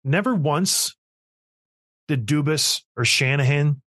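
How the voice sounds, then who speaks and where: A middle-aged man holds forth on a sports podcast, his voice sitting a little higher than most men's. He rants with emphatic exasperation, piling point on point, and the recording is dry and close with no room echo. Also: takes it slowly, a bit bright. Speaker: podcast host. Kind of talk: casual sports talk rant.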